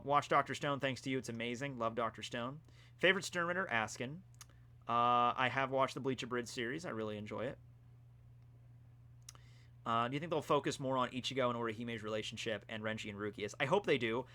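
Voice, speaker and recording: Young adult male streamer, bright and forceful tone, loose chatty reading of viewer questions. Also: mid-range voice, lively intonation, fairly quick. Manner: rambling, laid-back, answers questions read from chat. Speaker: streamer answering chat questions. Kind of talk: casual live-stream chat.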